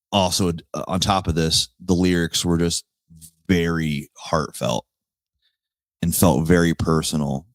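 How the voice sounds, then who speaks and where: Deep-voiced guy rambling on his podcast, cussing and laughing, dry close mic. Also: clean tone, dry recording. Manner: rambling, profane, laughs at his own jokes. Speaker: podcast host. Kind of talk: casual solo podcast chat.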